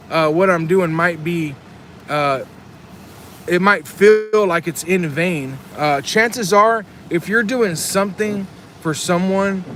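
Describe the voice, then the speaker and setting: Man, casual live-stream chat, somewhat high voice, earnest rambling, faint outdoor hum behind. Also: a bit bright. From Texas. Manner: rambling, earnest, reads chat comments aloud.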